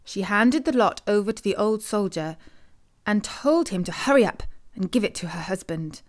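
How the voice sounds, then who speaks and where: A woman storyteller reading a traditional tale in clear, measured scripted narration. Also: medium pitch, expressive.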